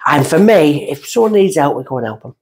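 A middle-aged woman with a slightly husky voice talks as a guest on a podcast. She tells her stories in an animated, casual way and slips into little voices for the people in them. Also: sits low, fairly quick. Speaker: guest medium. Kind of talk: casual storytelling chat.

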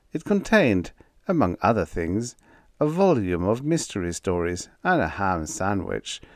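A man reading a vintage science fiction story in wry, expressive scripted narration. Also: sits low, dry recording, clean studio sound. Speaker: audiobook narrator.

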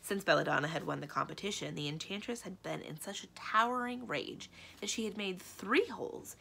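A woman librarian reading a children's book aloud in an expressive storytelling voice. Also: mid-range voice, brisk, gravelly, slight background noise. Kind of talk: children's read-aloud narration.

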